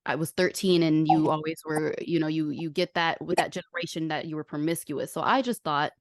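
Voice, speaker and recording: A woman's voice: low voice, brisk, dry recording, studio quality. A woman hosting a podcast, telling personal stories candidly and animatedly, acting out what others said. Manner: open, animated storytelling with quoted voices. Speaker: podcast host.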